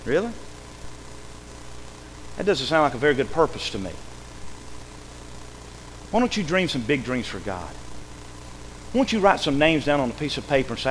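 A man, a pastor preaching a folksy, animated sermon to his church, often repeating words. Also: mid-range voice, normal speed, long pauses. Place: church sanctuary. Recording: long hall reverb, faint noise.

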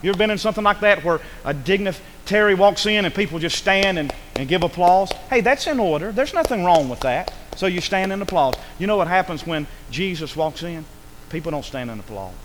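Emphatic preacher man, rising and hushing. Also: sits high, lively intonation, brisk, few pauses, a little hiss or hum, low-quality recording. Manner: emphatic, swings between loud calls and hushed lines, asks the congregation for amens. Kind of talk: sermon.

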